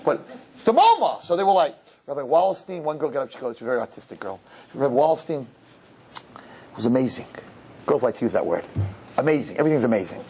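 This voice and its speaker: A rabbi giving a humorous sermon to young people, telling stories and jumping into high, mocking voices. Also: male voice, quick pace, a little hiss or hum. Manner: animated storyteller, jumps into high mocking voices. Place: synagogue hall.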